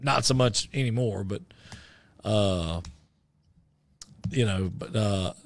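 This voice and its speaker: A man co-hosting a radio show, chatting casually about sports and rambling through many halting restarts. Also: lowish voice.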